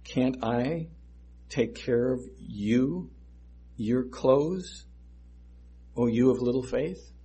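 A man preaching a sermon that teaches through scripture verses, speaking deliberately and repeating phrases for emphasis. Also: medium pitch, dark tone, breathy edge.

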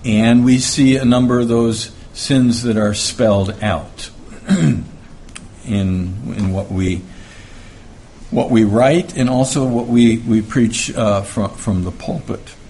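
Male preacher, unhurried sermon delivery, mid-range voice, repeats phrases for weight, faint ambient hiss. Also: medium pitch, mellow. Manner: deliberate, repeats key phrases for emphasis. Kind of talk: sermon with scripture reading.

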